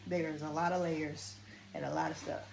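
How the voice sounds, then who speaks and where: A woman's voice: low-pitched, little pitch movement, gravelly, slight background noise. Earnest woman vlogger in an echoey room. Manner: earnest, deliberate, shifts between firm and soft tones. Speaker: vlogger and coach. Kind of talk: casual talking-to-camera vlog.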